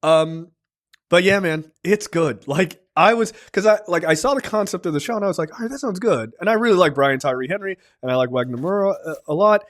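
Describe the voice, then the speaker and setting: A man co-hosting a podcast, retelling a show's plot in casual, animated chat full of swearing and fillers. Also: fairly high pitch, a little fast. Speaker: podcast co-host.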